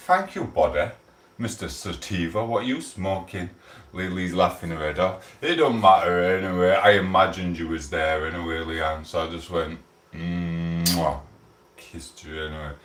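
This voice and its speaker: A chatty man hosting a live stream from home, wandering from topic to topic. His voice sits low, and it comes across roomy and set back from the microphone. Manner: rambling, chatty, reads out chat messages. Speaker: livestream host. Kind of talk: casual live-stream chat. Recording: roomy and distant from mic.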